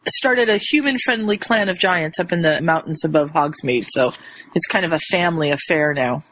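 A woman casually retelling a story as a podcast co-host, animated and quick to jump into high voices for the people she quotes. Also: slight background noise, low-quality recording. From rural area with chicken farms. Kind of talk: casual chat.

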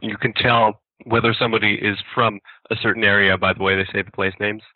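Calm guy from alberta, lowish voice, tinny phone sound. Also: a little fast, no room sound. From Alberta, Canada. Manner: calm, explanatory. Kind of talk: casual group chat. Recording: phone-like line, dry.

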